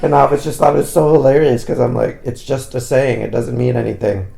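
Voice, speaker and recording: A man's voice: mid-range voice, fairly even intonation, fairly quick, gravelly, mellow. A man co-hosting a podcast, telling an amused, playful story in casual chat. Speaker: podcast co-host.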